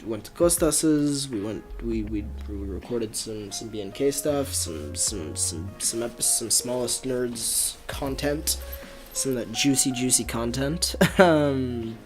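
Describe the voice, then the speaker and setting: A man's voice: mid-range voice, animated, slow pace, music in the background. A young man hosting a casual podcast, rambling through stories with many fillers and restarts and frequent laughter. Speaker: podcast host.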